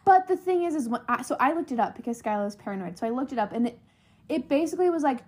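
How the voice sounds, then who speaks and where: A woman's voice: high-pitched, lively intonation, very fast. A young woman co-hosting a podcast, telling a funny story in casual chat and laughing often. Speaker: podcast co-host.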